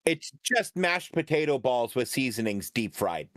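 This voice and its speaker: Jokey co-host, confident deadpan nonsense, dry booth sound. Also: male voice, medium pitch, unhurried, no echo. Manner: joking, confidently wrong, banter. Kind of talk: casual chat reacting to food on screen.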